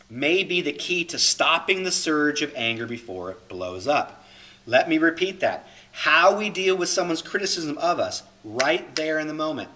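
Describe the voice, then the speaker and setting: A man's voice: fairly high pitch, bright, forceful tone. A man teaching a recorded class as a holistic coach, repeating key points and talking through examples.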